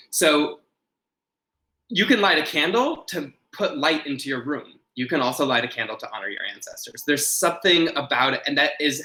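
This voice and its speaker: A man's voice: medium pitch, sharp tone, poor audio. A man who is a podcast guest, earnestly explaining ideas and often restarting his phrases. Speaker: podcast guest, ritual designer.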